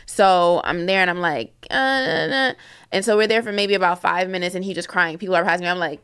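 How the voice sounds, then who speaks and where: A woman's voice: fairly low pitch, fast, clear, resonant tone. A woman podcast co-host, telling a story in casual chat and acting out what people said. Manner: storytelling, animated quoting of others.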